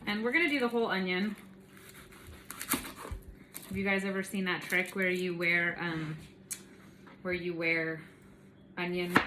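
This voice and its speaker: A woman's voice: fairly low pitch, background noise. A woman hosting a casual home cooking video, chatty and bubbly with playful asides, in her home kitchen.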